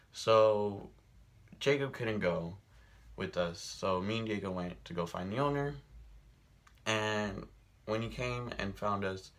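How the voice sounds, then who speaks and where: Animated young man telling a story. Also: low voice. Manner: animated storyteller, acts out quoted voices, laughs often. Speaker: vlogger. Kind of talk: casual storytelling while doing makeup.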